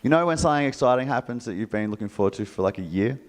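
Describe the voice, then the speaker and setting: Talking very fast in a mid-range voice, an Australian motivational speaker entertains a live crowd with a humorous story. He's animated and performs the quoted voices of its characters, and the hall echoes around him.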